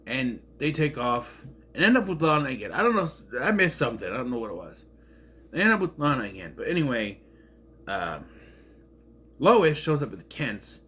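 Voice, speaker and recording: Animated, sarcastic rambling man. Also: medium pitch, normal speed, slightly rough. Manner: sarcastic, rambling, sputters with indignation. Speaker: show reviewer. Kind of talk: casual rambling recap.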